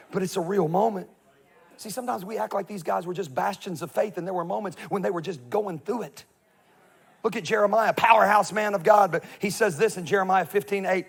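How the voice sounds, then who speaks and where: High husky pastor guy, jokey sermon, goes from quiet to shouting. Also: fairly quick. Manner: humorous preacher, swings from hushed confession to shouted scripture.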